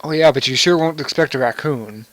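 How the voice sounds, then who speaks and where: A man's voice: a little high, brisk, fairly bright tone, dry recording. A young man giving casual, joking commentary over a video game and laughing often. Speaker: let's play commentator.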